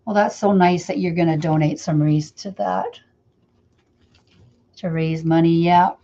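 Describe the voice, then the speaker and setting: A woman's voice: on the low side, fairly even intonation, a little slow, mellow. Chatty woman demonstrating wreath making. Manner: chatty, talks to viewers by name while working. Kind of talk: casual live-stream crafting demo. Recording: slightly dull lo-fi sound.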